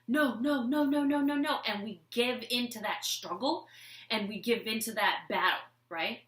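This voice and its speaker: A woman vlogger telling a comic personal story with a life lesson, animated and expressive as she acts out scenes. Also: medium pitch. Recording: echoey room.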